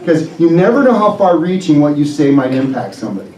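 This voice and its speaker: Chiropractor pumping up a live crowd; fairly high voice, echoey room, mic at a distance. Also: male voice, fast. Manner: energetic, joking, rallying the audience with questions. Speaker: chiropractor giving a seminar. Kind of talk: motivational health seminar talk.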